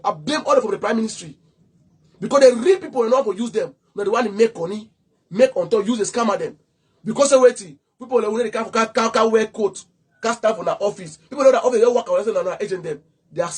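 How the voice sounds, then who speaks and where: An activist with a Cameroonian Pidgin English accent speaks directly to the camera in an impassioned, heated and accusatory way, often stuttering on repeated words. His voice is high-pitched and slightly rough.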